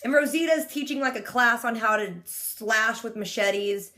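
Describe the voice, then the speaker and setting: Chatty sarcastic young woman, bright pitch. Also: moderate pace. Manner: sarcastic, chatty, heavy use of "like". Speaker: vlogger. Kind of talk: casual TV episode recap.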